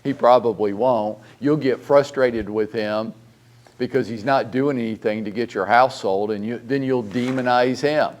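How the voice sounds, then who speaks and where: A middle-aged man, a real estate broker, giving a blunt, animated training talk full of rhetorical questions and mild swearing. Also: mid-range voice, brisk.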